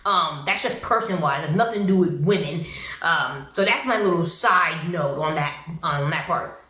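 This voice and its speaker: A woman's voice: low-pitched, lively intonation, moderate pace, pushed and bright, roomy sound. A young woman giving casual, blunt and opinionated vlog commentary on a reality show, full of slang. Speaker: YouTube reality-TV reviewer.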